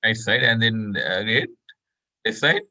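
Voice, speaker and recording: Speaking a little slowly in a lowish, bright, forceful voice, a Sri Lankan medical lecturer runs an online class. His explanations unfold step by step, punctuated by frequent checks of "right?".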